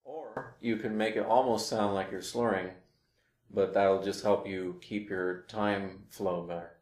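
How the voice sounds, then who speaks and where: A man teaching clarinet in a casual, relaxed way, talking through his points with frequent fillers. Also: lowish voice, measured pace. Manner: relaxed, explains with fillers and demonstrations. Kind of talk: casual instructional talk. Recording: roomy echo.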